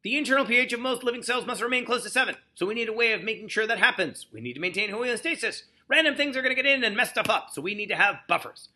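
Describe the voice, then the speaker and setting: A man's voice: very high voice, animated, fast, hardly any pauses, bright, forceful tone. A man teaching biology in a recorded lecture screencast, explaining slides with jokey asides and frequent "okay?" and "right?" checks.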